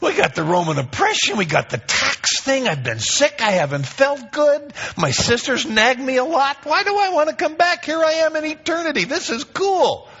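A man's voice: sing-song, normal speed, hardly any pauses, fairly bright tone, muffled recording, full character voice. A man putting on a whiny dead man in paradise. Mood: whiny, reluctant. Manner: high complaining comic whine.

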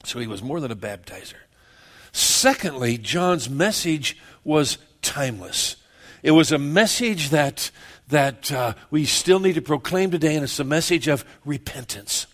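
A man's voice: fairly high pitch, lively intonation, measured pace, fairly bright tone. Chatty man preaching a sermon. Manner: conversational, asks the congregation questions, joking. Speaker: pastor.

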